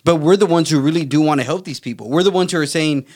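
A man's voice: fairly high pitch, quick pace, darkish tone. A man from Texas co-hosting a casual talk show, rambling and emphatic, with plenty of swearing. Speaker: co-host. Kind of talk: casual podcast chat.

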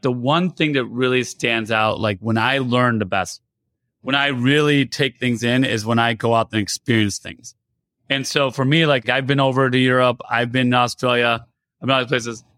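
A man's voice: mid-range voice, fairly bright tone, no echo. A man from the United States hosting a podcast, talking in a loose, rambling way with many fillers. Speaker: podcast host. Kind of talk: casual podcast interview.

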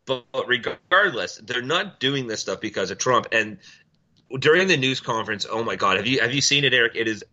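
A man's voice: lively intonation, brisk. Blunt, profane man on a dull recording. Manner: blunt, profane storytelling, mimics people in loud high voices. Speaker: podcast co-host. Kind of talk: casual chat. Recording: dull lo-fi audio.

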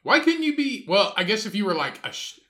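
A man's voice: high voice, sing-song, a little fast, bright, forceful tone. A man co-hosting a podcast in casual chat, blunt and swearing freely. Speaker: podcast co-host.

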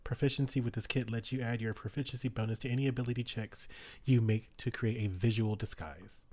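A man's voice: medium pitch, fairly even intonation, brisk, darkish tone, no echo. A man acting as game master, narrating and teasing the players, often breaking into giggles.

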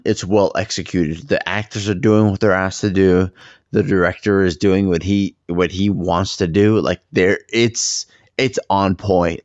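A man's voice: sits low, a little mellow, no echo, dull audio. A tipsy man co-hosting a podcast, blunt and profane in a casual film review chat. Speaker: podcast co-host.

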